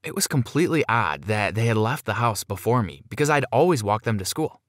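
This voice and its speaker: Man storyteller, expressive low voice, dry close recording. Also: fairly quick, no echo. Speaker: narrator. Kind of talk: scripted first-person story narration.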